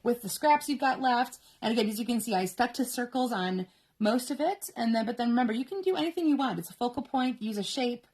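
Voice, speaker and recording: A woman hosting a live card-making show, talking through her samples in a chatty way with lots of ums and quick self-corrections. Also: fairly high pitch, expressive, darkish tone. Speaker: crafting show host.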